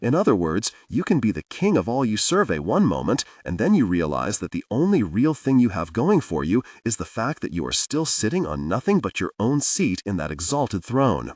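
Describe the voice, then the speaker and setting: A man voices a commanding older woman with a dry, teasing wit. Her voice sits low and husky, with plenty of lift and fall. The sound is dry and set back from the mic. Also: wildly swooping pitch, moderate pace, few pauses, darkish tone, dry recording, recorded from a distance, full character voice. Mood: wry.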